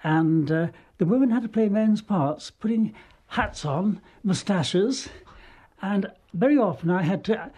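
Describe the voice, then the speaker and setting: A man's voice: high-pitched, animated, measured pace, dark tone, breathy edge. An older man, a former travelling actor, recalling his stage days in an amused, rambling way. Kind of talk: anecdotal reminiscence.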